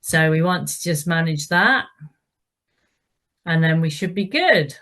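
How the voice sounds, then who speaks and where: A woman's voice: low-pitched, lively intonation, measured pace, fairly bright tone. A woman leading an indoor cycling class, giving encouraging instructions and calling out the pedaling rhythm.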